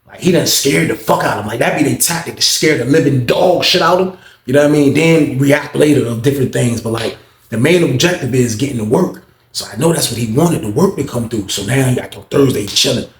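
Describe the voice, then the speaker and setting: A man telling stories from prison life in a casual, animated way, jumping up in pitch to act out other people's lines. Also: fairly quick, roomy sound. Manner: animated, acts out others' lines in a higher, louder voice. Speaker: storyteller recounting prison life. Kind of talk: casual storytelling to camera.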